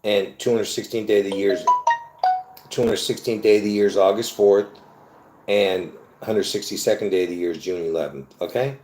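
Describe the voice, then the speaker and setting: A man's voice: fairly low pitch, fairly even intonation, brisk, roomy sound, over loud music. A man talking straight to his viewers, repeating himself and restarting often as he insists on his point. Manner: repetitive, insistent, many restarts and fillers. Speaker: video host. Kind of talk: rambling explanation to viewers.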